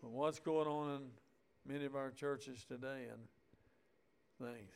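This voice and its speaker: Guy preaching real slow, folksy, drawn out words, smooth voice. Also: mid-range voice, steady tone, darkish tone. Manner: slow and deliberate, reading scripture aloud. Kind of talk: sermon.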